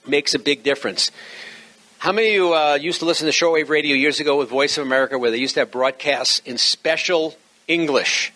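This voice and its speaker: A middle-aged man with a mid-range voice talks fairly quickly while presenting an informal lecture on radio operating practice. He's emphatic and jokey, sprinkling in lively asides.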